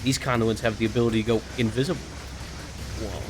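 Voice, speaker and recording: A man's voice: on the low side, steady tone, fast talker, background noise. A man streaming a video game and commenting casually, full of crude jokes and self-mocking banter. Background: game music and gunfire.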